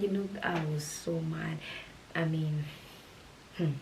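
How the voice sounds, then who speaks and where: A young woman vlogger in a casual storytime vlog, chatty and animated, often dropping into hushed whispers. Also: sits low, slow, vocal fry, slight background noise, rough recording.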